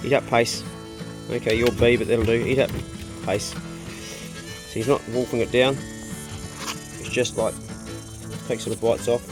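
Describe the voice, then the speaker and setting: A middle-aged man chatting casually on his farm and talking to his dogs in a relaxed way. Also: medium pitch, a little slow, pauses often, over music. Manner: laid-back, talks to his dogs. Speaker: vlogger. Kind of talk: casual chat. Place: farmhouse.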